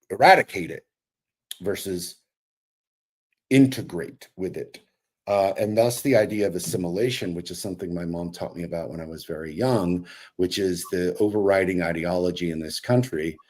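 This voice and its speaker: A man with a very low voice and an El Paso Mexican American accent talks through ideas on a podcast panel. He is animated and restarts his sentences often, filling the gaps with fillers as he goes. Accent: El Paso Mexican American English. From El Paso, Texas. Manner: animated, thinking aloud with many fillers and restarts. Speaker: podcast co-host. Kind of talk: casual panel discussion.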